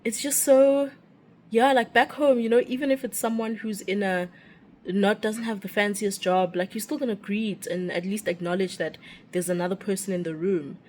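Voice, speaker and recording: A woman's voice: medium pitch, normal speed, slight background noise. Chatty young South African woman. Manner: chatty ranting, animated and expressive. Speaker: vlogger, teacher abroad. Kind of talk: casual walking vlog chat. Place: outdoors walking.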